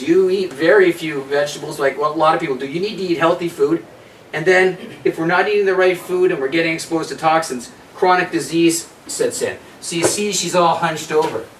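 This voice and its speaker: A man giving a health workshop, talking lively and asking the audience questions. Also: fairly high pitch, slight background noise. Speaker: workshop presenter. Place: workshop room. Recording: echoey room, distant mic.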